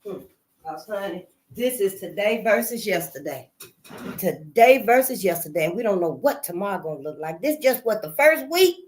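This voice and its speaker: A woman at a middle pitch, speaking as a channel host in relaxed, unscripted commentary. Her delivery is loose and conversational, with phrases doubled back on and sentences left hanging. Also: normal speed. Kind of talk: casual spoken commentary.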